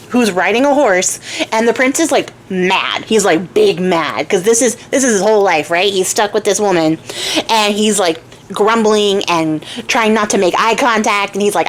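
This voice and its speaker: A woman's voice: medium pitch, moderate pace, slight background noise. A woman host retelling a folk tale in a chatty, slangy way, often laughing. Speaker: craft channel host.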